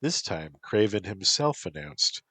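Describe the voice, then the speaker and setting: A man's voice: low voice, sing-song, measured pace, bright, forceful tone, dry recording. A man reading a first-person story aloud as a wry college woman narrator. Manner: dry, wry asides. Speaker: story reader.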